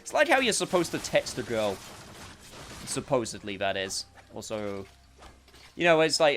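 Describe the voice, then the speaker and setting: A man's voice: mid-range voice, big pitch swings, moderate pace, a bit bright, slight background noise. A man giving casual let's-play commentary while he plays, rambling and full of fillers. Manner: rambling, filler-heavy, self-interrupting. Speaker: gameplay commentator.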